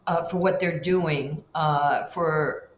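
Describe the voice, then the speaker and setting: An older woman tells stories in an interview, her voice sitting fairly low. She acts out quoted lines with big swings in pitch. The sound carries an echoey room with faint ambient hiss. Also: slow. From Far Rockaway, Queens, New York. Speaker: guest, basketball Hall of Famer. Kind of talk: storytelling in a podcast interview.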